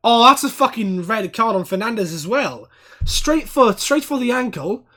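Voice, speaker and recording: A man doing sweary watchalong host, loose chat that flares into shouting at the ref. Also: very high voice, normal speed. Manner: excitable, swears a lot, erupts in loud outbursts at fouls; chats to viewers by name, reads chat aloud. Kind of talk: casual live match commentary.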